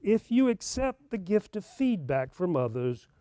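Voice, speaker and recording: A man's voice: high voice, sing-song, a little slow, dark tone, no room sound. A middle-aged man giving a conference talk, telling a personal story and acting out the dialogue. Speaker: conference speaker.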